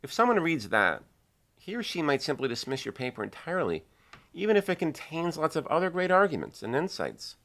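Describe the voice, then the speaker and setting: A middle-aged man giving a measured, earnest video lesson on writing. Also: on the high side, wildly swooping pitch, a bit bright. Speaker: writing teacher.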